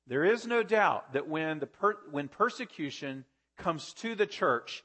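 A male pastor delivering a sermon with a somewhat high-pitched voice. His preaching is emphatic, swinging between excited, rising peaks and hushed, weighty lows. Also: measured pace, breathy edge.

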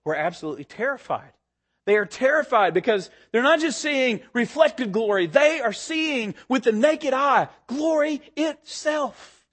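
A male pastor preaches a sermon in a voice a little high for a man, with a breathy edge. He's expressive, speeding up and slowing down and raising his pitch to stress key ideas.

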